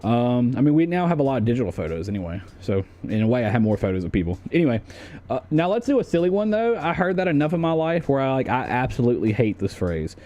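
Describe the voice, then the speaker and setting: A man's voice: mid-range voice, sing-song, fast talker, warm tone, muffled recording. A young man streaming, chatting casually in a jokey, profane way.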